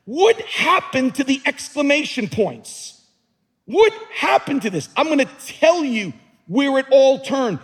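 A man preaching a dramatic sermon as a pastor in a church, building to loud emphatic peaks. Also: very high voice. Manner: dramatic preaching, rising to near-shouts on key words. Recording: long hall reverb.

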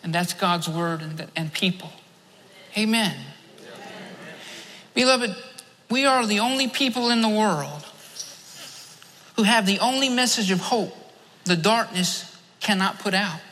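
A fervent male preacher with a bright, forceful voice, pressing his points through repetition. His sermon carries in a large hall, and each phrase trails off into a long echo. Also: sits high, lively intonation, unhurried, pauses often, a little hiss or hum. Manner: fervent, repeats phrases for emphasis.

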